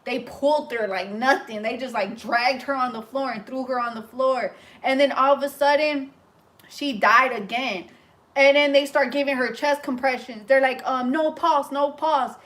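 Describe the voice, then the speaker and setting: Young woman with a slightly high voice, rattling off a story all casual, lots of "like"s. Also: normal speed. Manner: animated, breathless retelling with many fillers. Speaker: hairstylist and vlogger. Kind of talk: casual storytelling while working.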